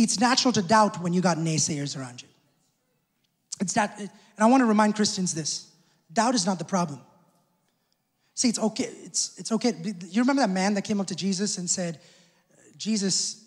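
Male pastor with a very high voice, delivering an emphatic sermon in a big echoing church hall. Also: animated, fairly quick, husky. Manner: emphatic preaching with call-outs to the congregation. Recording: long church hall reverb.

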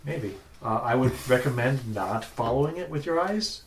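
A man's voice: medium pitch, expressive, moderate pace, roomy sound, a little hiss or hum. A man playing in a tabletop game, talking in a casual, thoughtful way. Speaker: player.

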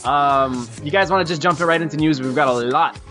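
A man hosting a casual gaming podcast, excitable, swearing and laughing often. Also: on the high side, brisk, over music. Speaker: podcast host.

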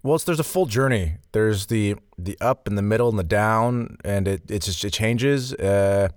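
A man's voice: fairly low pitch, normal speed, clean tone, no room sound. A man co-hosting a podcast, easygoing and joking, rambling a little as he talks. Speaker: podcast co-host. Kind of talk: casual chat.

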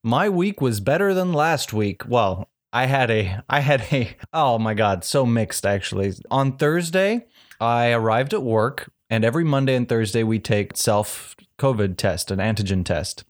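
Podcast co-host: man, animated, chatty storyteller. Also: medium pitch, unhurried. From South Africa. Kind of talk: casual chat.

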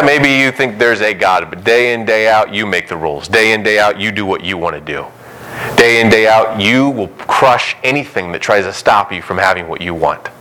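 Animated man preaching, low voice. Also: slight background noise, poor audio. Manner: animated, dramatic reading of scripture and quoted voices. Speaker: pastor. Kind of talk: sermon.

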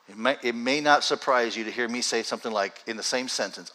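A man preaching a sermon in a church, talking conversationally and slowing down deliberately for scripture readings. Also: medium pitch, fairly even intonation, pushed and bright, rough recording. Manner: conversational, builds to urgent raised passages; reads scripture slowly and deliberately. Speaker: pastor. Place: church sanctuary with congregation.

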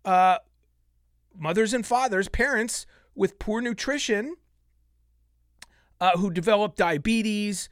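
A man's voice: sits high, takes it slowly, pauses often, no echo, clean studio sound. A man in his fifties hosting a solo fitness podcast, talking passionately and getting worked up as he vents. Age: 50s. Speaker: podcast host.

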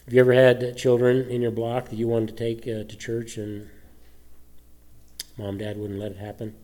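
A pastor preaches to his congregation in a loose, rambling, conversational way, full of "uh"s and restarts. His voice is dark and mellow, sitting at an ordinary pitch for a man. His throat sounds rough, and he is slightly choked up. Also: completely flat delivery, moderate pace. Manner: conversational, rambling with many fillers. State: throat trouble, a little choked up. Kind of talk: sermon. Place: church sanctuary.

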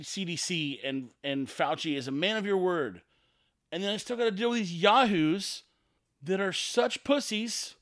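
Guy ranting solo on his podcast, exasperated, kinda high voice, dry sound. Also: a bit bright, no echo. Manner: sarcastic, exasperated, repetitive. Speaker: podcast host.

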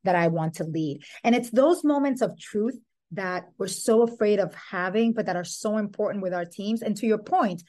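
A woman's voice: mid-range voice, normal speed, darkish tone. A middle-aged woman, a guest author in an interview, speaking in an earnest, thoughtful way and often restarting her sentences. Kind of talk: conversational interview.

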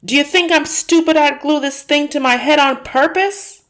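A woman voicing an angry, middle-aged father who shouts in pain and outrage. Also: high voice, moderate pace, voice pushed up.

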